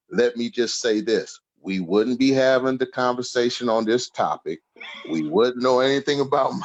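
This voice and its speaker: A man's voice: lowish voice, highs cut off. Laughing storyteller in his sixties. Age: 60s. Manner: humorous, laughs through his stories. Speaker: podcast guest. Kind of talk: casual storytelling interview.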